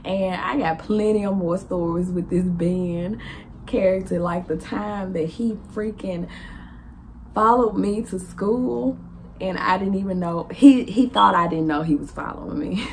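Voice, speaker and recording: Animated Southern woman telling a story. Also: moderate pace, slight background noise. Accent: Southern US (Memphis). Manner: lively, laughing, acts out dialogue with big pitch jumps.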